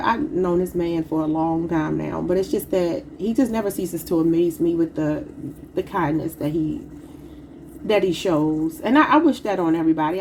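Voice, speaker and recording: A woman's voice: lowish voice, darkish tone, a little hiss or hum, poor audio. A woman giving a casual tarot reading, talking informally to her viewers and calling them y'all. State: slightly sick and emotional. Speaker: tarot reader.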